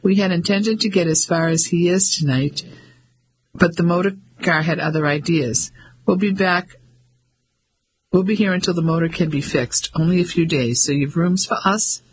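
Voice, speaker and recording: A man's voice: on the high side, normal speed, breathy edge, rough recording. A man voicing a composed, polite English lady traveler in an audiobook.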